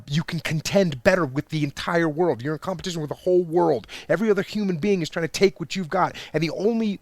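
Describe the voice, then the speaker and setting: In a casual podcast conversation, a former military leader in his forties lays out his ideas emphatically, building each point through repetition. His voice sits on the high side, and the recording is dry.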